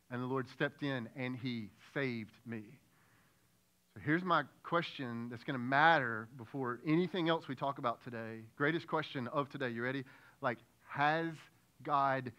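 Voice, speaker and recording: A man's voice: mid-range voice, a bit bright, dull audio. A man preaching a sermon as lead pastor, talking conversationally, asking the congregation questions and acting out prayers.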